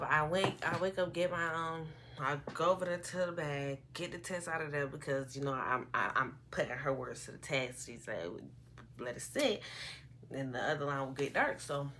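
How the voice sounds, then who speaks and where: Low-voiced young woman, animated storytime. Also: slight background noise. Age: 20s. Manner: animated, rambling, quotes herself often. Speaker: vlogger. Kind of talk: casual storytime. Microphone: phone camera.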